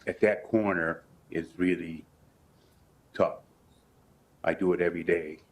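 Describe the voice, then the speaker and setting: A man asks questions at a town meeting in a halting way, pausing on uhs. His voice is low and flat. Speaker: resident. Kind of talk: public comment.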